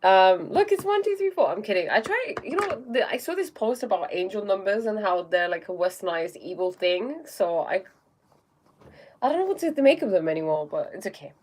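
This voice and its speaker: A woman's voice: mid-range voice, big pitch swings, moderate pace, darkish tone, a little hiss or hum. Female livestream host, spiritual talk, casual and chatty, tags lines with "okay?", greets viewers. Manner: often tags sentences with "okay?"; reads viewer comments aloud and greets them.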